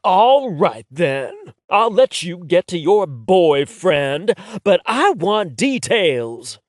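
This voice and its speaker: A man voicing an excited, nosy male friend in audiobook dialogue who presses for gossip. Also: high-pitched, very slow, dry recording, studio quality, exaggerated voice. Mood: teasing.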